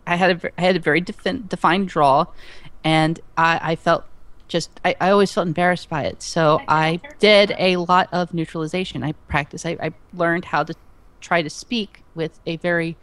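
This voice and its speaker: A woman's voice: on the low side, steady tone, moderate pace, fairly bright tone. A woman from Virginia chatting casually as a co-host on a game stream, rambling and restarting her sentences. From Virginia, United States. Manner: rambling, full of restarts and self-corrections.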